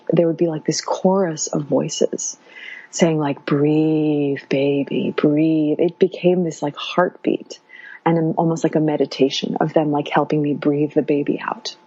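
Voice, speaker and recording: A woman guest telling her own story in a casual, halting way, with many fillers and restarts. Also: low-pitched, steady tone, mellow, slightly rough, highs cut off.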